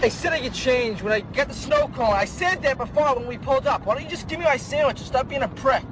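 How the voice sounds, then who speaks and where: A pestering young passenger who keeps whining for his share. His voice runs high. Loud car and traffic noise surround him. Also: quick pace. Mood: annoyed. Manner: whiny, pestering. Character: young man in a car, whiny about his food. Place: inside a car.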